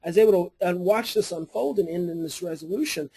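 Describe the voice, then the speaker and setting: A man, an adoption coach and therapist, telling a story to his class in a lively way and acting out the people in it. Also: sits high, fast, breathy edge. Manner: animated storytelling, acts out quoted voices.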